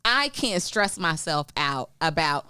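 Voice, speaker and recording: A woman co-hosting a podcast, telling a story in casual chat with an animated delivery. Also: deep voice, slow, smooth, no room sound, studio quality. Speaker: podcast co-host.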